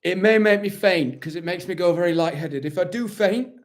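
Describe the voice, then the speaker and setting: A man's voice: high voice, a little fast, close to an everyday voice. A man doing an impression of a proud, weary warrior-captain, talking in a rambling, self-justifying, dryly mock-solemn way during a live question session. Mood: chatty. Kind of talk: live-stream in-character Q&A.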